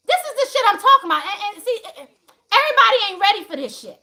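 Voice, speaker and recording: A woman's voice: extremely high pitch, big pitch swings, quick pace, pushed and bright. A woman hosting a livestream talk to viewers, emphatic and profane, laughing often as she preaches. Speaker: spiritual channel host.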